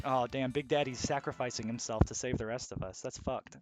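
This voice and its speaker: A man giving casual, excitable video game commentary, swearing freely. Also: medium pitch, a little fast, few pauses, soft background music. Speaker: let's play host.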